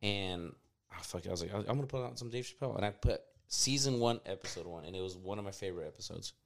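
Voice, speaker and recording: A man in casual chat who tells stories with energy, acts out quotes loudly and swears freely. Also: sits low, fast talker, gravelly.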